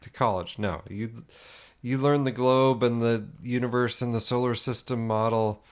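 A man co-hosting a podcast, talking in a halting, searching way with many restarts. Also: medium pitch, steady tone, clear, resonant tone. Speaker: podcast co-host. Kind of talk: casual podcast talk.

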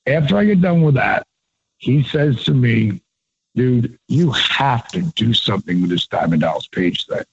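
A man's voice: medium pitch, normal speed, creaky, breathy edge, dry recording. A man, a guest on an interview, telling a loose, profane story and acting out each quoted line with voice shifts. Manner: animated, acts out quotes with voice shifts. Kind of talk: casual storytelling. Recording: dull lo-fi, dry.

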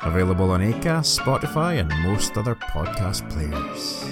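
A man reading a cheeky, deadpan podcast promo. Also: deep voice, moderate pace. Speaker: podcast ad narrator. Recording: music bed behind the voice.

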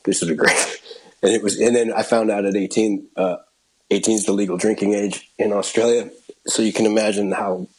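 A man's voice: on the low side, little pitch movement, brisk, a little mellow, slightly rough, rough recording. A middle-aged actor telling a long anecdote in a casual interview, laughing and restarting as he goes. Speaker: actor and guest.

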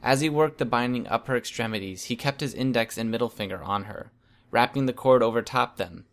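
A male storyteller reading a first-person story aloud. His pitch sits in an ordinary middle range. The delivery is steady and even from line to line. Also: a little fast. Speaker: audiobook reader.

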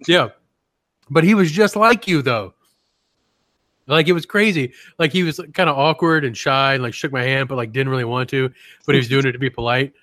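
A man's voice: mid-range voice, a little fast, a bit bright, no room sound. A man co-hosting a comedy podcast, rambling and crude in casual chat, often breaking into giggles. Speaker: podcast co-host.

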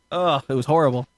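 A man telling a story in a casual podcast chat, animated, swearing a lot and laughing as he goes. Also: on the high side. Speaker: podcast co-host.

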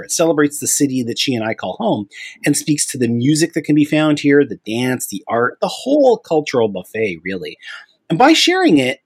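A middle-aged Canadian man hosts a film podcast, doing a casual intro and chatting with his guest in a chatty, self-mocking way. His voice is a little high and slightly rough.

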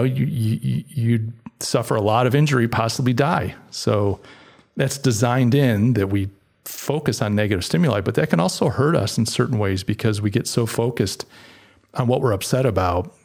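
A middle-aged man with a medium-pitched voice hosts his own podcast, talking in a loose, conversational way. He muses aloud, stops and restarts his sentences, and leans on fillers as he thinks. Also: vocal fry, a little mellow. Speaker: podcast host. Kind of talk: casual monologue.

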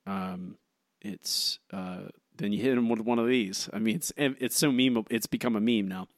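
A man's voice: fairly low pitch, normal speed, dry recording, studio quality. Teasing, rambling male podcast host. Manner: teasing, rambling with many fillers. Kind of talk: casual trivia chat.

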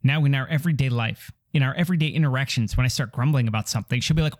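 A man's voice: mid-range voice, rapid-fire, few pauses, darkish tone. A man hosting a comedy podcast, ranting in a grumbling, exasperated and wry way. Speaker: podcast host. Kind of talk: comic rant.

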